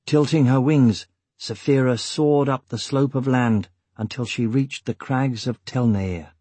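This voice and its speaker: A man reading a fantasy audiobook in a steady, measured way. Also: mid-range voice, husky, no echo. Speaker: audiobook narrator. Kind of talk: scripted fantasy narration.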